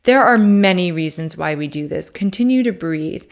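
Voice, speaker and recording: A woman podcast host and life coach leading a guided breathing meditation, calm and counting breaths aloud. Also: on the low side, normal speed.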